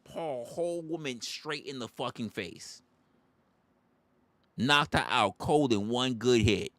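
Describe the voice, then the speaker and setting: A man's voice: mid-range voice, slow pace, a bit bright, no echo. A man hosting a livestream, ranting comically and profanely. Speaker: livestream host. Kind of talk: comedic rant.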